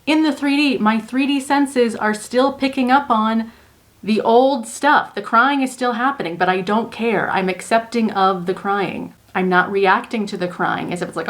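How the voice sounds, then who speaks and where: A woman's voice: on the high side, moderate pace. A woman hosting her own video, explaining her coaching ideas to viewers in a casual, earnest monologue full of "like.". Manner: earnest, chatty, many "like" fillers. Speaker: manifestation coach and video host. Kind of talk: casual teaching monologue to camera.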